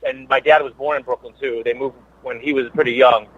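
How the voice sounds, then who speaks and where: Comedian guest, male, halting rambly storyteller, mid-pitched, dull lo-fi audio. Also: steady tone. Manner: rambling, halting, many restarts. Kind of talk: casual chat. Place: New York based.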